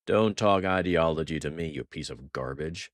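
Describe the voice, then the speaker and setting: A man's voice: a bass voice, moderate pace, no room sound, clean studio sound. A man voicing a wounded, furious male agent who snarls with contempt.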